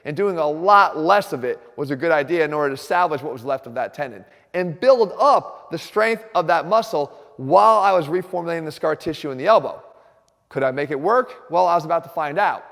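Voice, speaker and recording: A man's voice: a little high, expressive, a little fast, a bit bright. A male fitness coach filmed in a gym, addressing viewers directly and energetically as he explains his training approach. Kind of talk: instructional fitness video. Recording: reverberant gym room.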